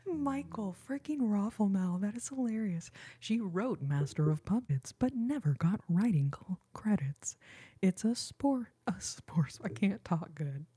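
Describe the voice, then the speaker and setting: A young woman hosting a live ASMR stream, chatting in a soft whisper and giggling often. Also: mid-range voice, animated, measured pace, breathy edge. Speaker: ASMR livestream host.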